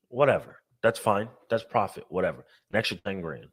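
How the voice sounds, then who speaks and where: A man's voice: fairly low pitch, expressive, fairly quick, a bit bright, husky. A man co-hosting a casual car podcast, ranting and swearing emphatically. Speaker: podcast co-host. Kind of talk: casual profane car chat.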